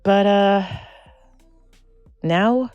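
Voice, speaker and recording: A man's voice: high-pitched, extremely slow, a little mellow, clear, resonant tone, dry recording, lo-fi sound, soft background music. A man in his forties whispering outdoors in a redwood forest, rambling and self-deprecating. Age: 40s. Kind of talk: casual whispered vlog monologue.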